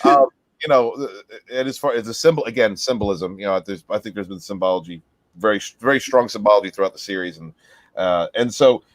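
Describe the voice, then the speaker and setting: A man's voice: lowish voice, brisk, no room sound. Crude, joking man on a podcast. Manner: crude, joking banter with swearing. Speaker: podcast co-host. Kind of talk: casual chat reviewing a TV episode.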